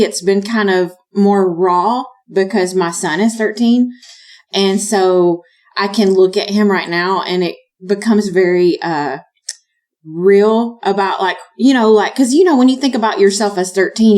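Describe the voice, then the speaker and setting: A woman's voice: medium pitch, moderate pace, a little mellow. Southern US woman, 30s, guest; loose, chatty, filler-heavy storytelling. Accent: Southern US (Alabama). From Alabama, US. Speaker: guest, fitness coach. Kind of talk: casual interview chat.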